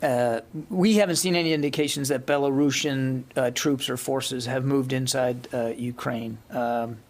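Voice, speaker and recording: A man's voice: medium pitch, fairly even intonation. Cautious man briefing the press. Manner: measured, cautious, many hesitations and restarts. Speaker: press secretary. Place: briefing room.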